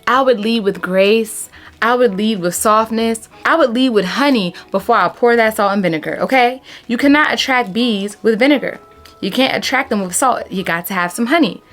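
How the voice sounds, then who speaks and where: With a fairly high pitch and moderate pace, a woman in her thirties chats to camera about relationships, giving advice emphatically and with animation while calling her viewers honey.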